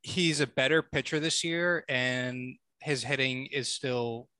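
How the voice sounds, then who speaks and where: A man's voice: mid-range voice, slow, sharp tone, clear, resonant tone, no room sound. A man in a casual sports chat, arguing emphatically and citing stats. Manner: emphatic, stat-heavy arguing.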